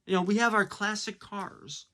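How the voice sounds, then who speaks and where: A man's voice: high voice, steady tone, normal speed, pushed and bright. A man giving a blunt, casual opinion monologue, full of fillers and rhetorical questions. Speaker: commentator.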